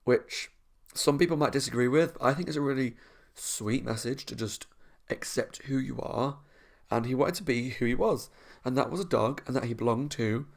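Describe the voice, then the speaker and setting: A man's voice: mid-range voice, gravelly. A young man, chatting enthusiastically and a little ramblingly as he ranks episodes. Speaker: YouTube reviewer. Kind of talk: casual chat.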